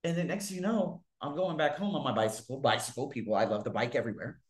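A man telling stories to his viewers in a casual monologue, swearing freely and swinging widely in pitch and loudness. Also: quick pace. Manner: profane, animated, big swings in pitch and loudness. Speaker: vlogger. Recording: echoey room.

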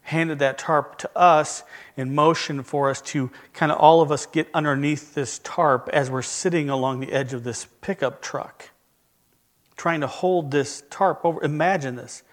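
A man preaching a sermon, measured and earnest, leaning on key words with emphatic pauses. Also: a little high, a bit bright.

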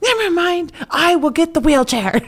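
A woman putting on her shrill, bossy aunt. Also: very animated, normal speed, slight background noise, full character voice. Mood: commanding. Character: bossy, grouchy middle-aged aunt.

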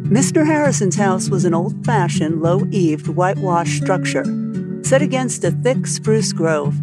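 A woman narrating a classic story as an audiobook podcast host, reading in a measured, expressive way. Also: fairly low pitch.

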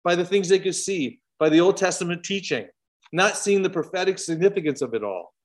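Canadian male Bible study leader, fairly high voice, chatty teaching with rhetorical questions. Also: lively intonation, fairly quick. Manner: conversational, rhetorical questions, side tangents.

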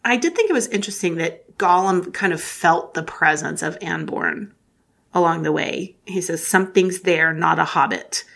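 A woman with a slightly low voice co-hosts a relaxed book discussion podcast. She talks in an animated way and drops into read-aloud passages. She sounds chatty and engaged. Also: moderate pace, creaky, slightly rough. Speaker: podcast co-host.

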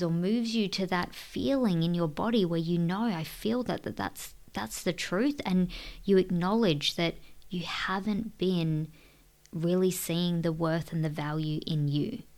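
Earnest woman, soft and breathy. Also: on the low side, a little slow. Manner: emotional, earnest, often drops to a soft breathy near-whisper. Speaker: podcast host and women's coach. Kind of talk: heartfelt solo podcast talk.

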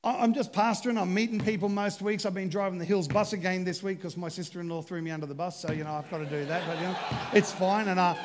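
High-voiced joking male pastor. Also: steady tone, fast talker, big-room sound. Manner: chatty, self-deprecating, joking with the congregation. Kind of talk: humorous sermon. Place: church stage.

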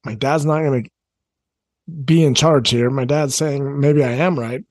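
A man's voice: medium pitch, fairly even intonation, a little slow, no room sound, studio quality, natural voice. A man voicing his puzzled teenage son, who is thrown off in an argument. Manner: puzzled, questioning. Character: baffled teenage boy, thrown off.

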